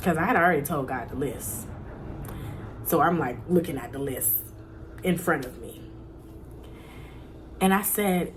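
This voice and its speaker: A young woman with a slightly low voice shares a personal faith testimony straight to camera. She talks earnestly, leaning on repetition and emphasis, and at times sinks into soft, breathy near-whispers. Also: moderate pace, a little hiss or hum. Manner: drops to soft near-whispers when reliving prayers. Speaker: vlogger.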